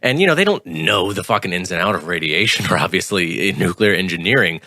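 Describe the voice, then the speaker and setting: A man with a lowish but bright, forceful voice chats as a podcast co-host. He talks loosely and swears casually. The recording is dry and close. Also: lively intonation, fast talker, dry recording.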